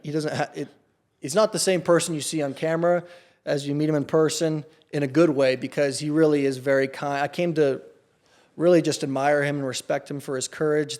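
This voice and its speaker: Flat-voiced man telling a story. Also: fairly high pitch. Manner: earnest, with frequent restarts and fillers. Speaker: campaign staffer, podcast guest. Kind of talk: casual interview storytelling.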